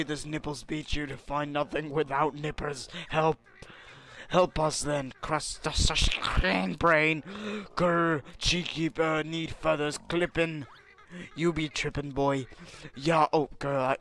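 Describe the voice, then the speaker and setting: A man playing a video game voices an arrogant, hot-tempered alien prince warrior for a comedic let's-play parody, brash, insulting and yelping in panic. His voice is on the high side, fairly even in intonation, slow and fairly bright.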